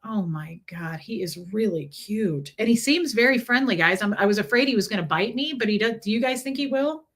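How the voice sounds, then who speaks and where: Animated and brisk, with a mid-range voice, this middle-aged woman runs a relaxed livestream. She chats freely, reads out messages from chat and coos over a kitten.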